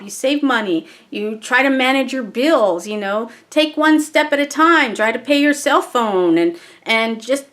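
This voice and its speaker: Slow-talking woman sharing a heartfelt story. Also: fairly high pitch, a bit bright. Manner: chatty, heartfelt, candid. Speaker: vlogger. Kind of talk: casual personal storytelling.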